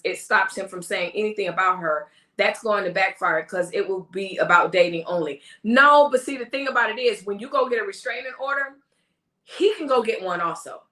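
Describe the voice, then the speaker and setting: An animated woman chats with her viewers on a casual live stream, mimicking the people she talks about. Her voice is bright and forward. It echoes in a home room. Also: mid-range voice, a little fast. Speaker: host of a live talk stream.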